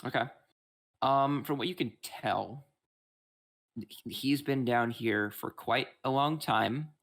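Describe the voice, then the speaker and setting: A man narrating as game master in a rambling, halting way with many restarts. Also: medium pitch, fairly bright tone.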